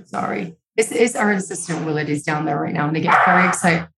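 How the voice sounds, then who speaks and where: A woman's voice: lowish voice, fast, noisy background. A young woman, a podcast guest, telling a personal story in a candid way, swearing often and filling her talk with "like". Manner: emotional, swears freely, many "like" fillers. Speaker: interview guest. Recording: echoey room sound.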